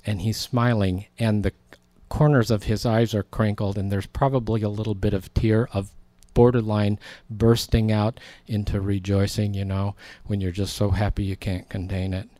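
A man's voice: lowish voice, a little mellow, no room sound. Conversational male preacher, dry sound. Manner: conversational storytelling, acts out quoted lines. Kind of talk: sermon.

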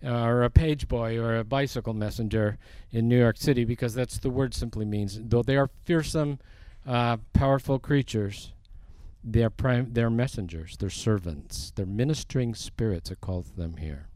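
A man's voice: mid-range voice, a little mellow, no echo. A man teaching a sermon verse by verse, reading scripture aloud and rising in force on the quoted lines. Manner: slow, deliberate, rising for emphasis on quoted scripture. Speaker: preacher.

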